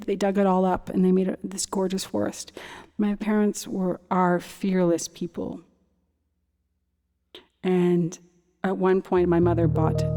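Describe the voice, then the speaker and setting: A woman's voice: lowish voice, warm tone. Chatty woman with hall reverb. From Ontario, Canada. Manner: chatty and rambling, restarts her sentences. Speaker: cabaret host and singer. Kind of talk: casual livestream chat between songs. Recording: long hall reverb with faint music.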